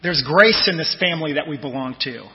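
A man pastor preaching a sermon in a conversational way, telling personal stories and letting his phrases trail off softly. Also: on the high side, fairly quick. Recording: dull lo-fi audio with long church reverb.

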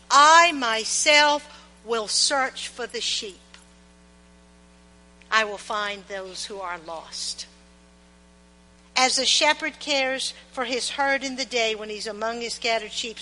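A woman preaching a sermon, quoting scripture with emphatic, dramatic pauses, in a church. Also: high-pitched, sharp tone. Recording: long reverb in a large hall, mains hum.

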